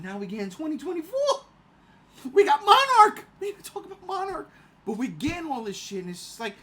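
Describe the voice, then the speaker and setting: A man in his forties chatting casually as a podcast co-host. He rants with big swings from loud outbursts to low mutters, swears freely and laughs mid-sentence. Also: slight background noise. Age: 40s. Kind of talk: casual chat.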